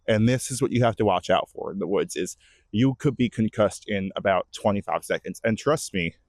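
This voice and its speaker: A man playing a vain, shy, emotional Bigfoot who gives a rambling, earnest tour of his forest home, with halting restarts, in a mock-documentary comedy. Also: lowish voice, lively intonation, a little mellow, dry recording, studio quality. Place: outdoors in woods.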